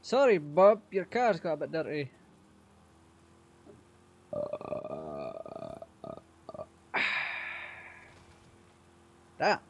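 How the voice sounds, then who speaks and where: A man casually commenting on his racing game, sweary and quick to rage at the game. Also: fairly high pitch, huge pitch swings, vocal fry. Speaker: gaming channel host.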